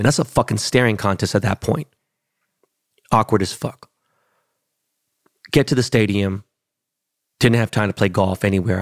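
A man's voice: on the low side, creaky, dry recording, clean studio sound. A man hosting a podcast, telling a boastful, profane story in casual chat. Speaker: podcast host.

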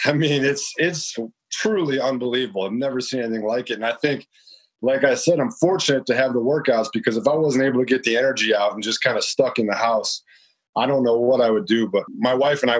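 A man's voice: medium pitch, brisk, low-quality recording. A man with a mid-range voice, a guest on a chat show. He talks in an easygoing way and pokes fun at himself. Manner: easygoing, self-deprecating. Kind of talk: casual chat.

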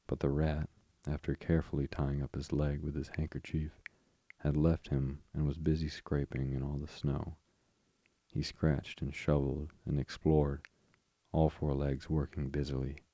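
Very deep, calm male storyteller. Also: moderate pace, no echo. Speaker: podcast host and reader. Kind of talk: slow bedtime story narration.

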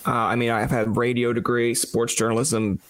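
A man's voice: medium pitch, flat delivery, fairly quick, no echo. A young man from Newfoundland hosting a podcast, telling stories in a chatty way and acting out the other voices in them. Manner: chatty storytelling, acts out quoted exchanges. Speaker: podcast host. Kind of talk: casual interview chat.

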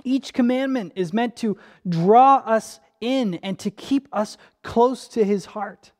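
High-voiced young man preaching casually. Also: takes it slowly, darkish tone. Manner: conversational storytelling, with frequent restarts and asides. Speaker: pastor. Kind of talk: sermon.

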